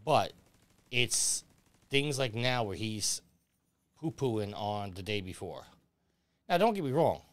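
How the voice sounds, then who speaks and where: Lower-voiced man chatting on a game stream. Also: big pitch swings, slow, long pauses. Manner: rambling, chuckles often. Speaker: streamer host. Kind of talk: casual gaming stream chat.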